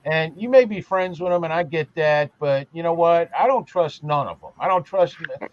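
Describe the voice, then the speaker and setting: A man's voice: a little high, lively intonation, moderate pace, no room sound. A man on a talk panel in heated political chat, blunt and profane, ranting. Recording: dry, muffled lo-fi sound.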